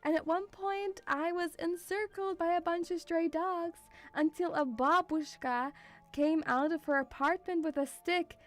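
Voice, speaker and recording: A woman's voice: very high voice, steady tone, unhurried. A young woman from Russia, streaming casually, reading viewer messages and calling the viewer sweetie, with frequent giggles.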